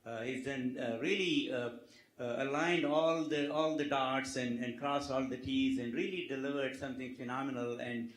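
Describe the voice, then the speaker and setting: A man, a physician, giving conference remarks, halting and full of filler words as he tells a joking story. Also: medium pitch. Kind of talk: conference speech with a humorous anecdote. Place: conference hall with live audience. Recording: roomy hall echo.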